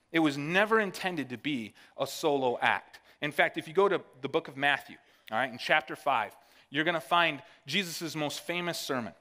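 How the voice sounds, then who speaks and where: A man's voice: on the high side, sharp tone, long reverb tail. A male pastor from the northern United States giving a conversational sermon and checking in with the congregation with "all right?". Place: church sanctuary.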